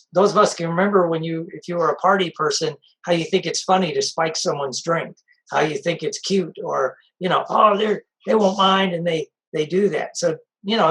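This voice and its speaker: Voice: medium pitch, rough recording. A sobriety coach giving practical advice in a casual, conversational way, repeating the key points. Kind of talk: casual spoken advice talk.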